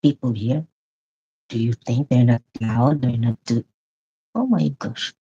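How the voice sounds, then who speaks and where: Casual vlogger woman with a husky, mellow voice, chatty and laughing, on a dull recording. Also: very deep voice, unhurried. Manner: chatty, laughing, restarting sentences. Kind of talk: casual chat.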